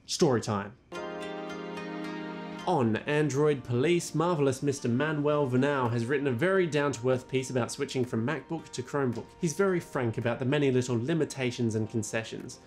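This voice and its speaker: Man, tech news host, wry, theatrical, mid pitch, faint background music. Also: brisk, few pauses, darkish tone. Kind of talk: scripted video narration.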